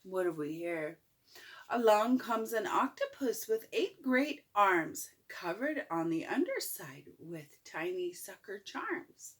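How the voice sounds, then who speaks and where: A woman's voice: medium pitch, sing-song, takes it slowly. An older woman reading a picture book aloud to children, with playful, chuckling asides to the listener.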